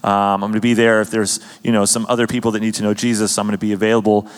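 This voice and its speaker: A man's voice: on the low side, little pitch movement, rapid-fire, big-room sound. Earnest man telling a faith story. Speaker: host. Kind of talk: casual faith testimony.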